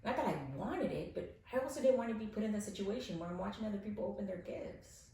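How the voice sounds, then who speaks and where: A woman around forty telling personal stories frankly and candidly. She swears freely and swings between soft reflection and animated laughter. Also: medium pitch, fast talker, a little hiss or hum. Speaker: podcast guest. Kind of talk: candid conversational storytelling. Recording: very echoey room.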